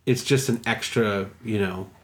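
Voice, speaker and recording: A man co-hosting a podcast in casual chat, relaxed and conversational, casually swearing. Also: fairly low pitch, measured pace, a little hiss or hum. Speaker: podcast co-host.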